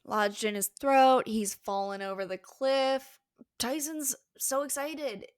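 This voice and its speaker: A woman's voice: high voice, takes it slowly, dry recording. Wry woman podcaster, dry close sound. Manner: frank, wry asides. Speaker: podcast co-host. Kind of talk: casual book recap chat.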